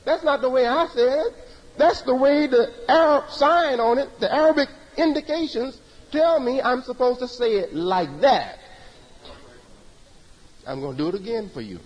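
A man with a very high, husky voice delivers an emphatic religious lecture, repeating his points in a preaching cadence. His pitch swings widely, and the sound carries a long hall echo. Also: animated, normal speed, dull audio. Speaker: religious teacher. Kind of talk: sermon-style lecture.

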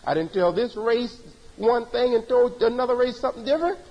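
A man's voice: very high-pitched, a little fast, long reverb tail, dull audio. A man giving a sermon-style religious lecture, emphatic and repetitive in his preaching cadence. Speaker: religious teacher.

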